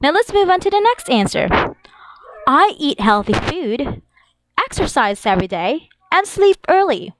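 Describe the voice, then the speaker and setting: A woman teaching an English lesson to young children, reading examples slowly in an exaggerated sing-song way. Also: sits high, big pitch swings, a bit bright, slight background noise.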